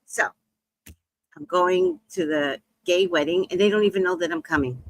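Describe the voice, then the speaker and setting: Speaking at a normal speed, a middle-aged woman chats about her shop in a relaxed storytelling way. She turns lively when acting out others, her voice sweeping up high.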